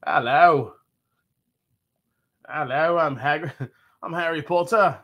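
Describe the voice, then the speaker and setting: A man putting on a clumsy English accent, playing a rough-voiced, chain-smoking wizard. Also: a little high, slow pace, highs cut off. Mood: hammy. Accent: put-on English. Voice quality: rough, smoker-like.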